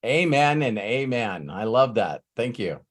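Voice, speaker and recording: A man's voice: medium pitch, sing-song, measured pace. Chatty laughing man hosting a live session. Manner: chatty, laughs often, many restarts. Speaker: host, life coach. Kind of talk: casual live session talk.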